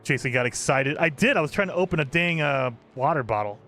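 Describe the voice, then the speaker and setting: A man with a fairly high, bright voice talks loosely with his live chat as he plays. His talk is chatty and full of laughter, with faint game music playing under his voice. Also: expressive, brisk. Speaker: game streamer. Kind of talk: casual live game commentary.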